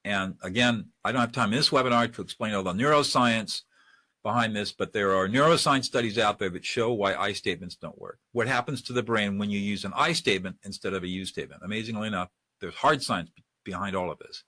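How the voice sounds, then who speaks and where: Bright-voiced man teaching a webinar. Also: on the low side, a little fast, no echo. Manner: conversational, demonstrates lines by acting them out. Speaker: de-escalation trainer. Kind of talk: webinar lecture.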